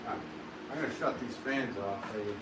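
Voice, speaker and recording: A man's voice: on the low side, normal speed. A man who is a potter, chatting casually on a livestream from his pottery studio, rambling with many ums and restarts. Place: pottery studio with fans running. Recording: clear fan noise behind the voice.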